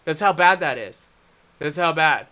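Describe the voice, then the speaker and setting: A young man hosting a live stream, talking in a profane, rambling way that swings from loud angry ranting to low, muttered talk. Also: lively intonation, unhurried. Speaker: channel host.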